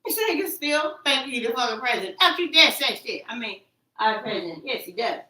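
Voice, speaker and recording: Her pitch is fairly high and expressive, her pace a little fast, her tone bright and forceful. The woman rambles in agitation, swearing, repeating herself, and quoting what she said, captured far off the mic in an echoey room.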